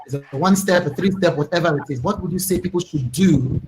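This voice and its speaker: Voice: mid-range voice, fast talker, background noise. An interview host on a video call, who affirms the guests and explains points with examples. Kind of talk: interview hosting.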